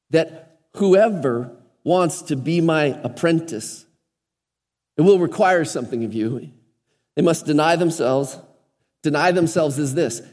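A man's voice: on the high side, darkish tone, husky. A man preaching a sermon as a pastor, conversational and then emphatic and urging. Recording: long hall reverb.

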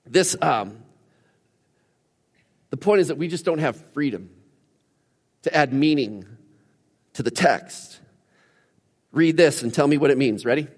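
A man delivering a sermon with a high, bright-edged voice. His storytelling swings from quiet asides to shouting. The sound carries a long reverb from a large hall. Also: expressive, unhurried, pauses often. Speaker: pastor.

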